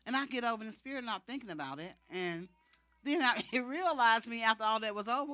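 A woman preacher telling a personal testimony in a sermon, animated and acting out the dialogue. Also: on the high side, fast talker, dry recording.

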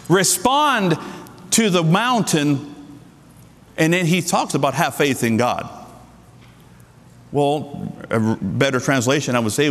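A middle-aged male pastor preaching a sermon, emphatic, with sudden jumps in pitch and slowed, stressed words. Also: in a large hall.

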